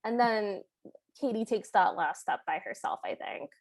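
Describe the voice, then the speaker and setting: A woman's voice: medium pitch, moderate pace. A woman co-hosting a podcast, chatty and reactive, sharing her own opinions about a movie. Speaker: podcast co-host. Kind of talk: casual movie recap chat.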